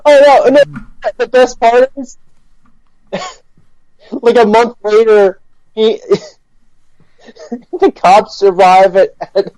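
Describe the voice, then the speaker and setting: Man, podcast co-host, slow giggly rambling, dry close sound. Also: high voice, fairly even intonation, a little mellow, dry recording, low-quality recording. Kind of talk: crude casual banter.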